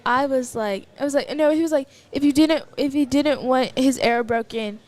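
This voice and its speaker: A woman's voice: high-pitched, normal speed, darkish tone. A teenage girl with a Texan accent co-hosting a live archery stream, rambling through stories with giggles. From Texas. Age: teens. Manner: chatty, rambling storytelling with giggles. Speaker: livestream co-host. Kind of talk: casual live commentary chat.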